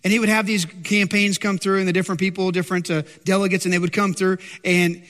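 High-voiced preacher in a reverberant hall. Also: male voice, flat delivery, fast, a bit bright. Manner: impassioned, acts out anxious disciples in higher voice. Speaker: pastor. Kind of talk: sermon. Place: church sanctuary.

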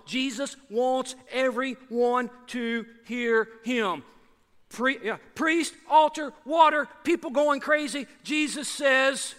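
High, bright-voiced man preaching. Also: slow, in a large hall. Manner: lively, conversational preaching with repeated rhetorical questions. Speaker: pastor. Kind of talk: sermon.

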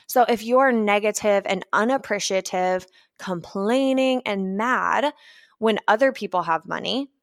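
A woman's voice: mid-range voice, fairly bright tone, no room sound, clean studio sound. Chatty woman giving a motivational talk. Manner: chatty, many "like"s, acts out little scenes. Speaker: podcast host.

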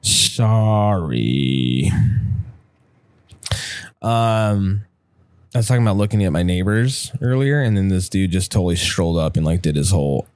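A young man talks into a microphone at his apartment window, drifting from one thought to the next with plenty of swearing and jokes at his own expense. His voice sits somewhat low for a man. The sound is close and dry, with little room in it. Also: lively intonation, a little slow, pauses often, darkish tone, dry recording. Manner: rambling, self-deprecating, swears often. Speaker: podcast host. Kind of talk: casual solo podcast monologue. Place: apartment by a window, downtown building. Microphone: studio microphone.

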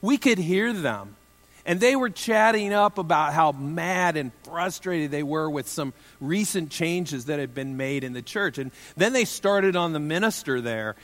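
A man preaches a sermon in a fairly high voice. He keeps it conversational and light, with joking asides. The sound trails off into a long hall reverb. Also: lively intonation, measured pace, fairly bright tone. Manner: conversational and humorous, with self-deprecating asides. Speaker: pastor.

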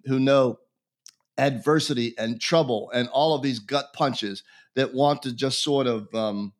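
A bishop being interviewed, a man who talks in an earnest, preacherly way and repeats phrases for emphasis. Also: mid-range voice. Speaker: bishop, guest. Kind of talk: conversational religious interview.

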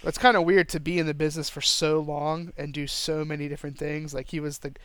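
Smooth-voiced man in casual movie chat. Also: a little high, quick pace, no room sound. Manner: relaxed, filler-heavy, jokey. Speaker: podcast co-host.

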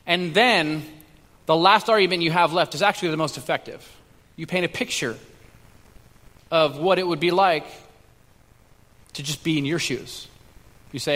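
A man preaching a sermon in a conversational, halting way, with frequent restarts and fillers. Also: a little high, a bit bright, big-room sound. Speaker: pastor.

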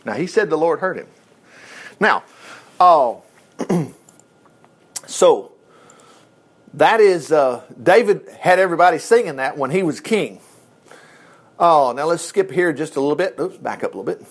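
A man teaching from the Bible in a casual, animated way, reading verses aloud and breaking in with his own asides. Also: a little high, unhurried, long pauses.

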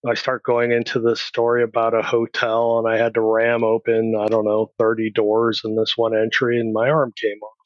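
A man's voice: lowish voice, monotone, normal speed, few pauses, dry recording. A middle-aged man, a podcast guest, telling his life story candidly in a blunt, plain-spoken way and acting out remembered dialogue. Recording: dry, slightly dull recording.

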